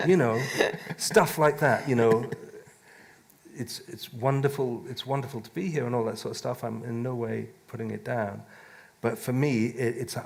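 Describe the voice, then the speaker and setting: A man with a gravelly, creaky tone talks on a live panel. His speech wanders, full of restarts and little laughs. He sounds relaxed and unscripted. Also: mid-range voice, moderate pace. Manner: rambling, self-interrupting, laughs often. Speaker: musician and author on a panel. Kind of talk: casual panel talk. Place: live event stage.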